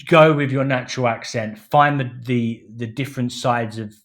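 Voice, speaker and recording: A man's voice: mid-range voice, fairly even intonation, normal speed. Chatty man from London, filler-heavy. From London, England. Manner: chatty, many fillers, acts out quoted speech. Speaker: guest, film director. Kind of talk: casual podcast interview.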